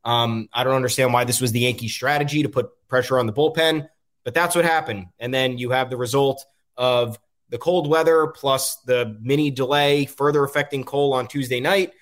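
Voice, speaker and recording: A male podcast host vents his frustration in loose, rambling sports commentary full of ums and restarts. He speaks fairly quickly at an ordinary middle pitch.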